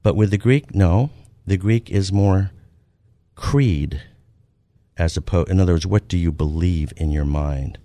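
A man hosting a show, explaining ideas point by point in a measured way, stressing key words, with frequent ums and uhs. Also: low voice, dark tone, dry recording. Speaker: radio show host and author. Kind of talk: teaching talk comparing ideas point by point.

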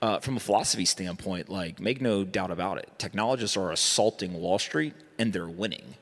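A man's voice: deep voice, brisk, in a large hall. A man speaking as a guest on a conference panel, talking emphatically with rhetorical asides. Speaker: guest investor. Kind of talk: panel discussion. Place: conference stage.

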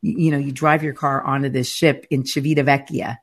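A woman being interviewed retells her experiences in a rumbling low voice, speaking a little fast with a flat delivery. Her conversational storytelling is still emphatic and dramatic, and she restarts her sentences often.

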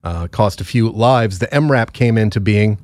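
A man with a fairly low, slightly mellow voice hosts a casual morning podcast at a moderate pace, recorded in clean studio sound with no echo. He rambles and jokes with his producer, using plenty of fillers.

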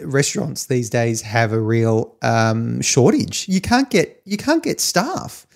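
A man co-hosting a podcast, reacting with quick disbelief and chiming in. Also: medium pitch, big pitch swings, vocal fry. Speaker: podcast co-host. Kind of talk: casual chat.

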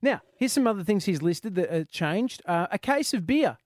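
Aussie radio host guy, high and bouncy voice, chatty and playful, dry studio sound. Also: normal speed, no room sound. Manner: lively, chatty, playful storytelling. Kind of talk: casual radio chat.

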